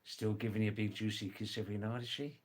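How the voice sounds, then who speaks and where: A man putting on a broad Australian accent as a bloke greeting his mate, nasal and fast, his words running together. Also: on the low side, level tone, husky. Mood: teasing. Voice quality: nasal, vowels run together.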